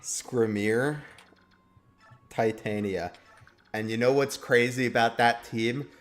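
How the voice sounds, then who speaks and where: A man's voice: medium pitch, steady tone, slow, pauses often. Rambling young man streaming a game. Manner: rambling, trailing off with fillers. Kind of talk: casual stream chat.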